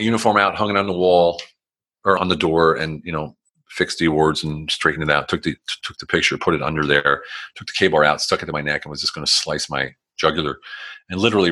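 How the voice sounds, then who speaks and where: A man in his forties, a guest recounting his life story, talks fast in a bass voice with fairly even intonation and a pushed, bright quality. His speech is casual, blunt and rambling, heavy on swearing, with frequent restarts and fillers as he acts out quotes.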